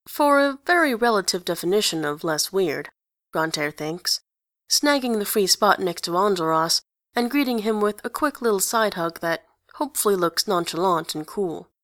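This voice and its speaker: A woman narrating a story in an even, conversational way. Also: mid-range voice, moderate pace, dry recording, studio quality. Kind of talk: story reading.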